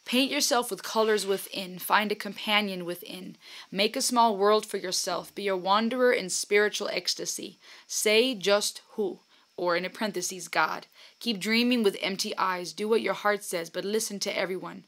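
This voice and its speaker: A woman's voice: mid-range voice, moderate pace, fairly bright tone. A young woman hosting a music reaction, talking casually and emotionally, often lost for words and restarting her sentences. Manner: emotional, effusive, stumbling over words.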